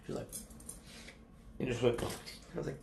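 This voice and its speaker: A man's voice: normal speed, echoey room, heavy background noise. A man livestreaming casual chat to his viewers, rambling and swearing, often laughing. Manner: rambling, profane, laughs a lot.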